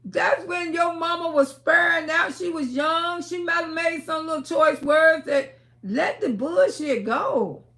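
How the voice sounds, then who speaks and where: A woman, hosting a casual livestream and telling a story emphatically, dropping low and then shouting. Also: a little slow. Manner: emphatic, swings between hushed and shouting. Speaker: livestream host.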